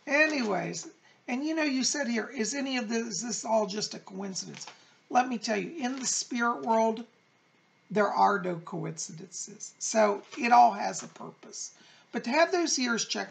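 Gravelly-voiced man answering psychic letters. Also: high-pitched. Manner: gentle, reassuring, chatty with fillers. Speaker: psychic medium host. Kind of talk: answering viewer letters on camera.

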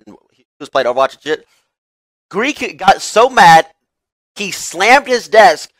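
A man streaming games, loud and mocking as he tells stories. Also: high voice, takes it slowly, no echo. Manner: loud, mocking, animated storyteller. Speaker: game streamer. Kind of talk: casual livestream chat.

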